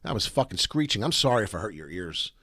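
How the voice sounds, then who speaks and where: Animated man, lively pitch, slightly raspy. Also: rapid-fire, dry recording, studio quality. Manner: animated, rambling, swears freely. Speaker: crypto chart analyst host. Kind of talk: casual livestream market commentary.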